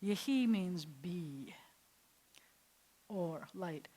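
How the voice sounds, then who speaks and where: A woman rabbi teaching a Hebrew class, explaining with enthusiasm and often dropping to soft, breathy whispers for emphasis. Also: on the low side, lively intonation, very slow, slight background noise, low-quality recording. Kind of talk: classroom lesson. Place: synagogue classroom.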